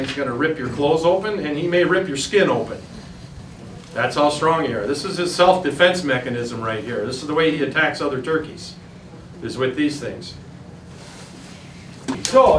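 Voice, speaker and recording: Talking at a normal speed in a slightly high, animated voice, this Upper Midwest man walks hunters through a turkey hunting demonstration outdoors in a plain, folksy, step-by-step way. He is heard from a distance in a roomy space with faint ambience and slight background noise.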